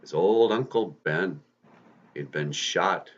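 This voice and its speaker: A deep-voiced man, a podcast host, speaks slowly as he tells kids a story in a casual, folksy manner full of rambling asides. The recording is lo-fi and slightly muffled.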